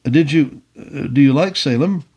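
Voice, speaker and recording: A man voicing a blustering, excitable older Tory planter in an audiobook reading. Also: fairly high pitch, normal speed, breathy edge. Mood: stammering. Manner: excitable, hearty, stammering when flustered.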